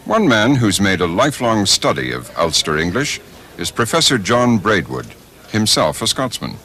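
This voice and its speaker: Deep-voiced man narrating a documentary. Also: very animated, normal speed, crowd noise. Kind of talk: scripted narration.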